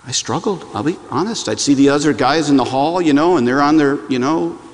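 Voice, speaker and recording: A middle-aged man preaching a sermon, telling stories with animated delivery and repeating lines for emphasis. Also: on the high side, fairly quick. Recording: long hall reverb.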